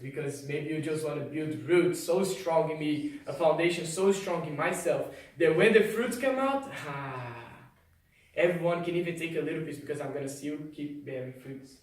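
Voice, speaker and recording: Male preacher with a high voice, passionate and repetitive, heard from far off in an echoing church hall. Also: moderate pace. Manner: passionate, repetitive preaching with rising build-ups. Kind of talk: sermon. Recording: echoey hall, far from mic, music behind.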